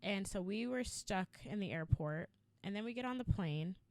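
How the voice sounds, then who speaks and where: A woman's voice: medium pitch, expressive, normal speed, darkish tone, no echo. A woman co-hosting a podcast, telling a story in casual chat with lots of filler words. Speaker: podcast co-host.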